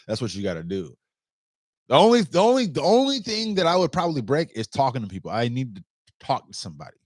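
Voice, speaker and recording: A young man talks loosely to his camera and curses without a second thought. His pitch swings up and down a lot as he rambles. The sound is dry and close, with no room echo. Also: quick pace. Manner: loose, animated, swears freely. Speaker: outdoor vlogger. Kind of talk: casual chat to camera.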